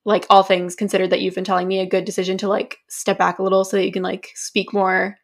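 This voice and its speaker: A woman's voice: mid-range voice, monotone, fast talker. A woman in her twenties, co-hosting a podcast in casual chat, talking freely with lots of "like". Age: 20s. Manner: chatty, frequent "like" fillers. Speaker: podcast co-host.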